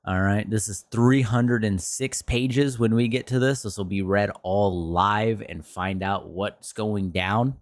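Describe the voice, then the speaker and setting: A man's voice: fairly low pitch, fairly even intonation, unhurried, few pauses, dry recording, studio quality. A man who streams, ranting in a commentary video, frustrated and swearing often, his voice jumping up sharply when worked up.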